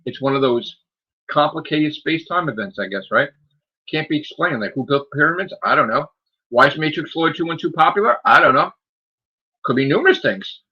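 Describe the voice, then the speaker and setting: Male podcast host, husky and bright-toned, defiant, sarcastic ranter, lively pitch, lo-fi mic. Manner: defiant, sarcastic, repetitive rhetorical questions. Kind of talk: solo rant on a gaming podcast.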